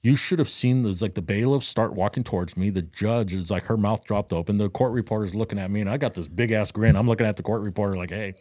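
Low-voiced man telling a lively story. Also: fast talker, hardly any pauses, no room sound, clean studio sound. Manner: animated, acts out quotes with a higher voice. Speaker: podcast co-host. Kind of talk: casual storytelling banter. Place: Daytona Beach, Florida.

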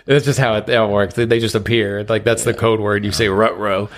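A man's voice: fairly low pitch, little pitch movement, fast talker. A man improvising a comedy scene, ranting in exasperation and laughing at his own lines.

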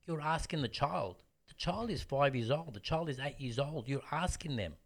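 A man's voice: on the high side, moderate pace, vocal fry. A man, a martial arts teacher telling stories bluntly in casual interview chat. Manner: animated storyteller, blunt.

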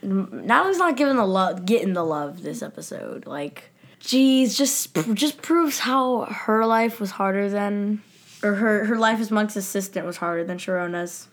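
A woman's voice: mid-range voice, expressive, normal speed. Chatty woman podcast co-host. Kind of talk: casual chat recapping a TV episode.

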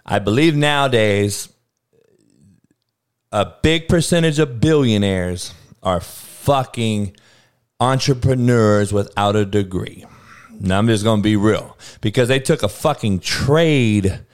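A man hosting his own podcast, delivering a combative sports rant at a middling pitch. He talks bluntly and swears constantly. He hammers his points by saying them again and again. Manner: repeats himself for emphasis. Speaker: podcast host.

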